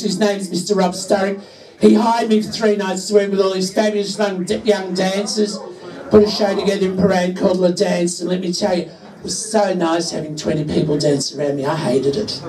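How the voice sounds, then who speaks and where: A man's voice: high voice, fairly even intonation, normal speed, a little mellow. Camp man telling bawdy jokes. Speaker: drag queen comedian. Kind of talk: live stand-up banter. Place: licensed music venue, on stage. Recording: roomy live venue, mic far off, crowd noise.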